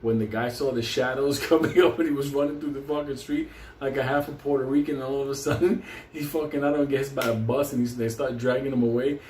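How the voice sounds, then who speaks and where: Swearing heavily and breaking into laughter, a man hosting a show tells a funny story in an animated way, speaking quickly. His voice is medium-pitched, in a middle register. There's a little hiss or hum, a noticeable room echo, and faint ambience behind him.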